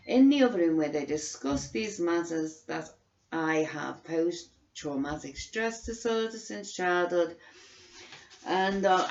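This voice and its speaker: A middle-aged woman ranting angrily to camera, outraged and swearing, hammering the same phrases again and again. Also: fairly low pitch. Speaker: vlogger. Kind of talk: angry ranting monologue. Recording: roomy, dull lo-fi recording.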